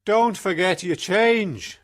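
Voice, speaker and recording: A man's voice: mid-range voice, very animated, slow pace. A man reading a story aloud, voicing a friendly, chatty male taxi driver. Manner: chatty, kindly.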